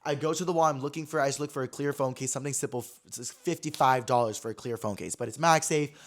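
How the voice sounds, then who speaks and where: A young man hosting a casual talk show, telling a story in an animated way, acting out quotes and swearing freely. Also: mid-range voice, fast. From California. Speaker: podcast host.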